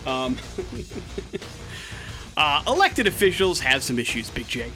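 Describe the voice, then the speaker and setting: Bright-voiced male radio host. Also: on the high side, slow, faint music behind. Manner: lively storyteller, joking asides. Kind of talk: casual radio banter. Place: radio studio.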